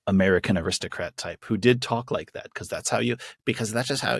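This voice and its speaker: A man's voice: medium pitch, fast talker, vocal fry, few pauses, slightly rough, no echo, studio quality. A man co-hosting a podcast, chatting casually and enthusiastically with many restarts. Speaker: podcast co-host. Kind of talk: casual chat.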